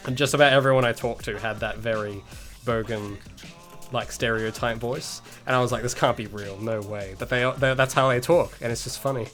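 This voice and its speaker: An Australian man in casual livestream chat, his voice at an everyday middle pitch. He rambles, hedges and second-guesses himself as he reads out viewer comments. Soft music runs faintly in the background. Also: steady tone, a little fast. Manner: rambling, hedging, chuckles often. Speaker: indie game developer streaming.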